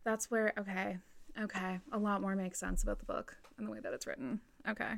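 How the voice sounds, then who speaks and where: A woman's voice: medium pitch, brisk, creaky. A young woman co-hosting a podcast in casual chat, blunt and swearing freely. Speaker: podcast co-host.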